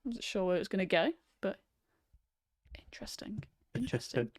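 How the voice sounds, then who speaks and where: A woman hosts a relaxed film chat on a livestream, rambling with fillers and picking up viewer comments as she goes. Her voice sits at a middling pitch and sounds dry and close, with little room in it. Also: fast talker, no room sound. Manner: chatty, reads out viewer comments, frequent ums. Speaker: host.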